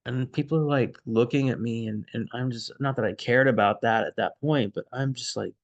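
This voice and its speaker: A man telling a personal story in a casual, emotional way, growing quieter and more shaken. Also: medium pitch, fairly even intonation, normal speed, creaky, dry recording, lo-fi sound. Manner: emotional, increasingly hushed, shaken.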